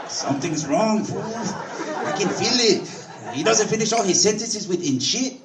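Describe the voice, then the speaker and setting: Guy doing a suspicious slangy cousin, way up high, kinda hissy. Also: expressive, a little slow, roomy sound, recorded from a distance, a loud crowd. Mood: wary. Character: suspicious male cousin, streetwise and wary.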